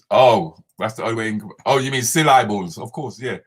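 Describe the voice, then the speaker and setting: A man's voice: lowish voice, brisk, hardly any pauses, breathy edge. A man hosting a casual live stream, chatting and laughing as he answers viewer comments.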